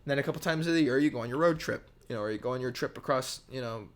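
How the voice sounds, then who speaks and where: A man's voice: medium pitch, racing. A young man co-hosting a casual podcast chat, rambling storyteller full of "you know" and "dude". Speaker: podcast co-host.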